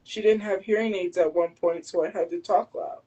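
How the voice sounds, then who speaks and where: A woman livestreaming who answers her chat defensively and argues back, habitually talking loud. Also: lowish voice, fairly even intonation, normal speed, slightly rough, dull audio. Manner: defensive, argumentative. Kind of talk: live stream chat replies.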